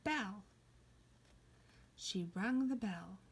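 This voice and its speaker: A woman teaching a kindergarten reading lesson, playful, slipping into high excited cries and soft whispers. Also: extremely slow, breathy edge.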